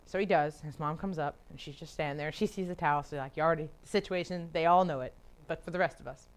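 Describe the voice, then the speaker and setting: A woman's voice: low voice, fast talker. A woman leading a casual Bible study. She chats freely, laughs often, leans on "like", and acts out the people she quotes. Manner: chatty, laughs often, lots of filler "like".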